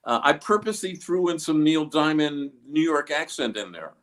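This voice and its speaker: A man's voice: a little high, animated, moderate pace, fairly bright tone. A man being interviewed about his music, talking in a rambling way with many fillers and restarts. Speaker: guest musician. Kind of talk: casual interview.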